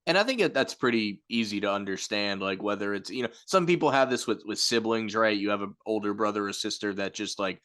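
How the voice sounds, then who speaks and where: A man's voice: fairly low pitch, a little fast, hardly any pauses, a bit bright. A man co-hosting a casual film discussion, reflective and explaining at length. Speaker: film review podcast co-host. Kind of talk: casual chat.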